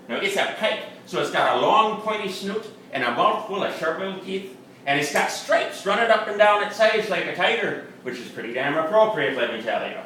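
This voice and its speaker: A man's voice: sits high, very animated, fairly quick, sharp tone, full character voice. A man playing a boastful, folksy fisherman with a Wisconsin accent, telling a comic tall tale in ungrammatical backwoods talk at a live reading. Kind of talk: comic character monologue. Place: upstairs room of a bar at a live reading. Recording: echoey room, mic far off.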